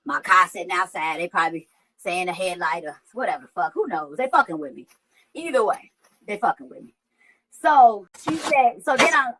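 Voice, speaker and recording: A woman's voice: mid-range voice, pushed and bright, rough recording. A woman who hosts a livestream, telling a story in casual, profane, slang-heavy chat. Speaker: livestream host.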